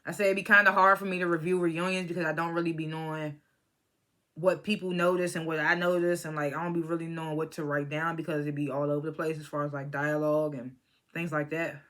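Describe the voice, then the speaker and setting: Young adult reality show reviewer, blunt, salty and rambling, with a bright, edgy voice at a mid pitch. Casual vlog commentary, not polished. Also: little pitch movement, quick pace. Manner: blunt, opinionated, profane; rambling with restarts and asides.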